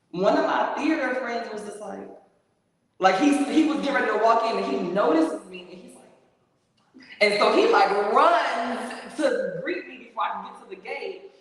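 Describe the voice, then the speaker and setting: Animated woman host in an echoey room. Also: fairly high pitch, measured pace, far from the mic. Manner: animated, profane, emphatic storyteller. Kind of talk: casual storytelling chat.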